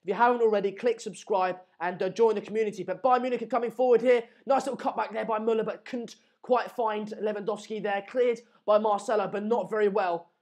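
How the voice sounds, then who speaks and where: A man's voice: sits high, steady tone, brisk, few pauses, darkish tone. A young man hosting a live football watchalong stream, calling the play and chatting through viewer comments in a casual, joking way.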